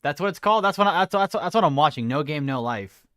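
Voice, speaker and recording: Brief: male streamer, animated reaction chatter, bouncy pitch, dry recording. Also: quick pace, no echo. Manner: excitable, rambling, with many restarts. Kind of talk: casual livestream reaction.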